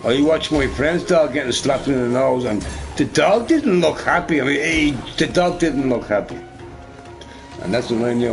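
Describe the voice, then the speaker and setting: A man's voice: a little high, moderate pace, vocal fry, soft background music. A man streaming a game, chatting casually with viewers in a rambling, profane, joking way.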